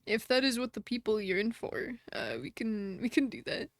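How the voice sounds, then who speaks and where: Chatty woman streamer with a lively voice. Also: a little high, normal speed, no echo. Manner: chatty, laughs often, talks to chat. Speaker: live streamer. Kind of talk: casual chat with viewers.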